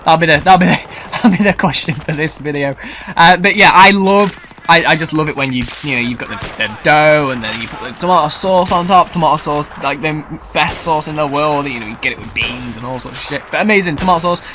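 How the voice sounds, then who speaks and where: A man's voice: on the high side, brisk, bright, forceful tone, slight background noise. A young man with a Yorkshire accent, rambling nervously and swearing through a casual Q&A commentary video. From Yorkshire, England. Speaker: gaming YouTuber.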